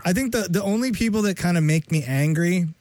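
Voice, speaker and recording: A man co-hosting a casual chat show, slightly high in pitch with a mellow, dark tone. He jokes and rambles, sometimes breaking into silly humming. The sound is dry and close. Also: fast, dry recording. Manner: jokey, rambling, breaks into humming and mock-singing. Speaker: podcast co-host.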